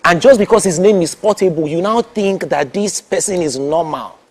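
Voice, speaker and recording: A man's voice: high voice, normal speed. A man co-hosting a morning TV entertainment segment, giving emphatic and playful opinions. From Nigeria. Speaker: entertainment news co-host. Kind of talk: morning TV banter and commentary. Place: TV studio.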